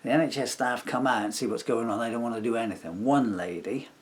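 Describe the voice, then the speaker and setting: Talking fast in a mid-range voice, a man vents a long grievance on his personal vlog. He is rambling and indignant, acting out the quotes of people involved.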